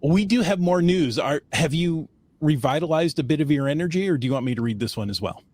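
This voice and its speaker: Lively, animated male podcast host. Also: on the high side, a little fast. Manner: lively, teasing, laughs through stories. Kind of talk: casual podcast chat.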